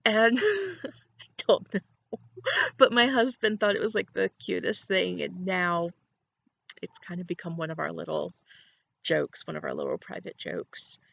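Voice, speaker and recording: A woman's voice: fairly low pitch, steady tone, normal speed, vocal fry, long pauses, fairly bright tone, dull audio. Woman podcast host, casual chatty delivery, wanders between thoughts, laughs easily, recording at home. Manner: chatty, rambling, laughs often. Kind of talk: casual chat to camera.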